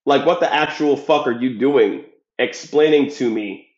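A man's voice: medium pitch, a little slow. A man in a casual monologue, talking bluntly and profanely, rambling with fillers. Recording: roomy, dull lo-fi sound.

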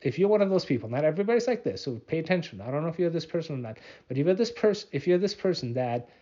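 A man's voice: fairly high pitch, big pitch swings, racing, warm tone, muffled recording. A tired man hosting a casual solo podcast, rambling and mocking himself with many restarts and fillers. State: tired, yawning. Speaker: podcast host.

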